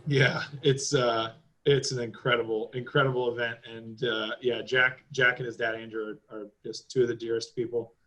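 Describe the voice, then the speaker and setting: Bright-voiced rambling man. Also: medium pitch, little pitch movement, moderate pace, rough recording. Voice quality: rambling, filler-heavy, swears freely. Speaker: podcast guest, driving school owner. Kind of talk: casual podcast chat.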